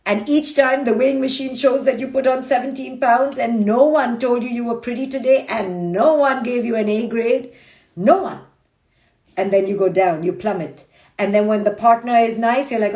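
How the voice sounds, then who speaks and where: A woman psychologist giving a brisk, blunt motivational talk on a phone livestream, acting out people's inner voices as she goes. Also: on the high side, a little mellow. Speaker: clinical psychologist and author. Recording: roomy echo.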